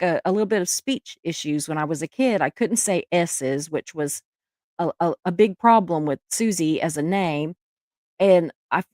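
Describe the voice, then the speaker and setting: A middle-aged woman with a Southern US accent, hosting a casual livestream chat. She talks warmly to her viewers and laughs often. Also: fairly low pitch, no echo, studio quality. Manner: chatty, laughs often, drawn-out words. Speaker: livestream host.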